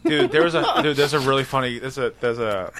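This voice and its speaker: A man's voice: mid-range voice, quick pace, a bit bright, slight background noise. A young man chatting casually as a podcast co-host, rambling and joking with frequent laughter. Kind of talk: casual chat.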